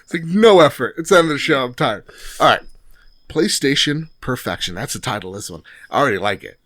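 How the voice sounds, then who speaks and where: A man's voice: mid-range voice, expressive, quick pace, a bit bright, dry recording. A man co-hosting a casual gaming podcast, joking around and reading listener reviews aloud. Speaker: podcast co-host.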